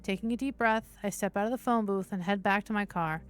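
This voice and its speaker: The woman's tone is clean and her pitch medium, and she reads fairly quickly with faint music behind her. Hosting her stream, she narrates a visual novel steadily, dropping casual curse-filled remarks between passages.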